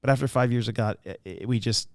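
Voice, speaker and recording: A pastor appears as a guest in a casual interview, telling stories animatedly and often restarting his sentences. His mid-range voice moves fast, captured in studio quality with no echo.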